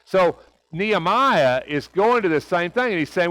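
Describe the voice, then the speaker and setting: Man, Bible class teacher, bright-ish voice, very lively intonation, rhetorical questions. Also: sits high, normal speed, poor audio. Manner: teaching with frequent rhetorical questions and tag "right?". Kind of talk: church Bible class lesson.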